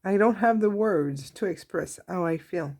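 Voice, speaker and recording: A woman reads tarot cards for her viewers in an unhurried, gentle way. Her voice sits a little low with a gravelly edge. Card shuffling can be heard in the background. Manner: soft, warm-hearted, reads card messages aloud. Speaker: tarot reader. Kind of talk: slow, intimate tarot reading.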